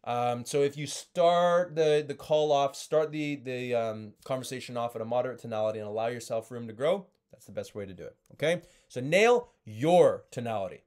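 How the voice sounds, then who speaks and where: Young man, sales trainer, casual talk, animated, lots of uh and um, voice jumps high and low. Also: normal speed, hardly any pauses. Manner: frequent fillers and restarts.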